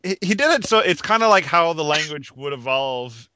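A man's voice: fairly high pitch, animated, a little fast, pushed and bright, no echo. A man in casual comic book chat, easygoing, laughing along and explaining things plainly.

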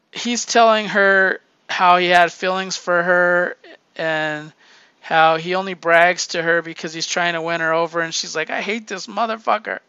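A man's voice: high-pitched, pushed and bright, clean tone, no echo, lo-fi sound. A man hosting a casual comic book review, retelling plots with lots of swearing and laughter. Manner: profane, laughing storyteller. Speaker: podcast host reviewing comics.

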